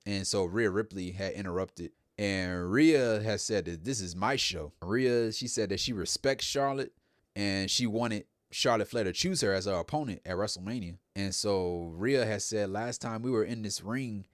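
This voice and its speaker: A man's voice: lowish voice, no room sound, studio quality. A man hosting a show, giving a casual, rambling recap of a wrestling broadcast and repeating himself often. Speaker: host.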